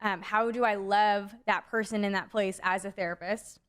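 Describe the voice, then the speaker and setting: A young woman in casual podcast chat who rambles through a story, padding nearly every phrase with "like" and "um." Her voice sits at an ordinary middle pitch for a woman, relaxed and conversational. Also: normal speed, clean tone. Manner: rambling, many "like" fillers. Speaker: podcast co-host.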